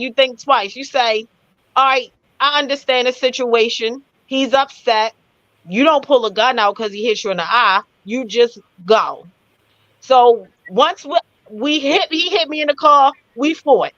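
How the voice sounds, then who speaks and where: High sharp-voiced woman telling a story, blunt, swears a lot, dry dull stream sound. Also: a little slow, dry recording. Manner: animated, blunt and profane. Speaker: guest. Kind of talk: storytelling in a live interview.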